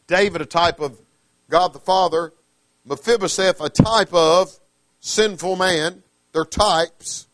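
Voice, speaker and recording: A preacher man delivering a sermon in folksy dialect. His voice sits a little high and moves between quiet, close asides and fervent rises. The sound is dry and close. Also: no echo. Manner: swings from hushed to fervent, with dialect grammar and call-outs.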